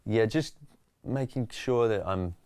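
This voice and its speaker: An Australian man, a stand-up comedian, telling stories in a relaxed, reflective way during an interview. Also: fairly low pitch, slow, clear, resonant tone, no room sound. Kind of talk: interview conversation.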